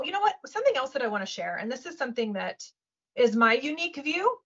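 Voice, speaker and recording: A woman coaching casually in a webinar, animated, acting out little voices and often asking "right?". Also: on the high side, husky, lo-fi sound. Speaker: webinar guest speaker.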